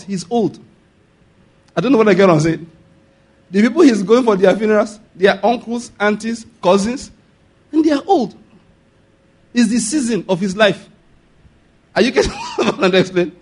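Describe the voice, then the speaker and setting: A high-pitched man with a Nigerian accent preaches an animated sermon, laughing often and checking whether the congregation is following him.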